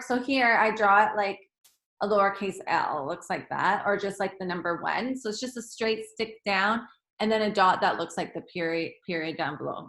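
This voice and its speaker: A woman's voice: mid-range voice, fairly bright tone. A woman teaching young children a lesson, patient and encouraging. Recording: echoey room.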